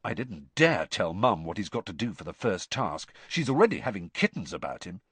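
A man voicing a blunt, practical young dragon keeper who talks in a brisk, matter-of-fact and grim way, in a storybook reading. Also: sits low, very animated, a bit bright, slightly rough, dry recording, heavily acted.

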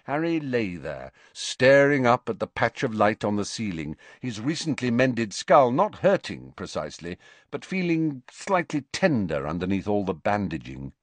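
A man narrating a storybook in an expressive, animated way. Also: fairly low pitch, normal speed, no echo. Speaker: audiobook narrator. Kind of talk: storybook reading.

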